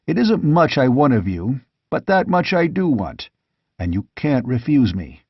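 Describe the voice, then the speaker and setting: A bold barbarian warrior king , voiced by a male narrator, with a blunt, gruff way of talking. His voice sits at a mid pitch, grimly amused. The audiobook recording is dry and a little lo-fi. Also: big pitch swings, a little slow, no echo, heavily acted. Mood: blunt, mocking.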